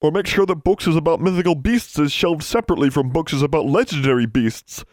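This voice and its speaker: A man's voice: on the high side, fast, darkish tone, no echo, voice pushed up, close to an everyday voice. Small fretful elves, squealing and pleading, a man voicing them, dry close sound. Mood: frightened pleading. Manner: squealing, wailing, broken grammar.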